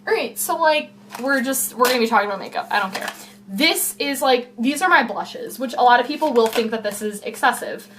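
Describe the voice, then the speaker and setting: A woman's voice: fairly high pitch, expressive, brisk, fairly bright tone, a little hiss or hum. A young woman chatting casually to camera at home in a vlog, rambling and full of fillers. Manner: rambling, filler-heavy, self-interrupting. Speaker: YouTuber. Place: home room.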